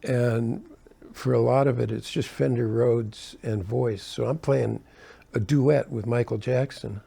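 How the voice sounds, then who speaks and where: An older man, a keyboardist, telling animated stories from his touring days in a casual way. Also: unhurried, creaky, slightly rough. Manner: animated, acts out quotes with rising pitch. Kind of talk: casual storytelling.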